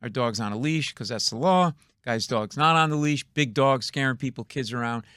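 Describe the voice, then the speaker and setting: Animated middle-aged comedian telling stories. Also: male voice, mid-range voice, clear, resonant tone, no room sound, clean studio sound. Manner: acts out quoted voices, punchy and quick. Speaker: comedian guest. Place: radio studio.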